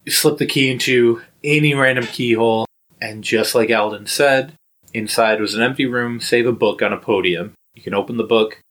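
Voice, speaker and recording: A man's voice: medium pitch, moderate pace, a bit bright, low-quality recording. A man narrating a tabletop game as game master, laid-back and descriptive with dry humor.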